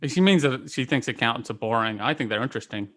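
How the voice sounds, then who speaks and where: A man playing a wry, deadpan party guest in a tabletop role-play. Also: medium pitch, fast, dry recording, clean studio sound.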